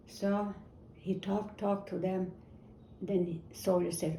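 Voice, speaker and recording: A woman in her eighties telling a personal memory in a halting way, repeating words and restarting sentences as she goes. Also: mid-range voice, little pitch movement, mellow. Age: 80s. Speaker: interviewee. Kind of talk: personal war memory storytelling. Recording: roomy echo, faint ambient noise.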